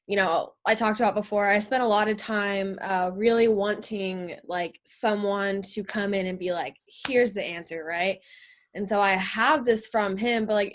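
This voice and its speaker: A young woman at a middle pitch talks casually about her swing in a relaxed, chatty manner. She is a college softball player speaking on a video call. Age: young adult.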